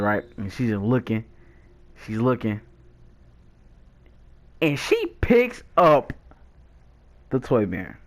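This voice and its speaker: Young man, gaming vlogger, lively slangy storytelling, laughs often, medium pitch. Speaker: gaming YouTuber. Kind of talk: storytime while playing a video game.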